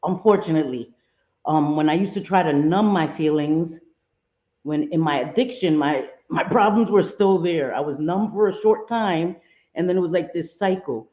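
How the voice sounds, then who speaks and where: A woman's voice: deep voice, normal speed, mellow. Chatty woman livestreaming from home. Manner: chatty, talks to viewers, switches into Spanish exclamations. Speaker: livestream host. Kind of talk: casual livestream chat. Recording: echoey room, dull lo-fi sound.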